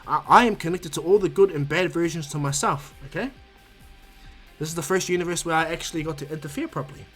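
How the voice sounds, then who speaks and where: A man voicing a calm, proud, all-powerful male overseer of the multiverse in a fan-made anime story, speaking low and gently. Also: fast talker, soft background music, natural voice. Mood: calm, kindly.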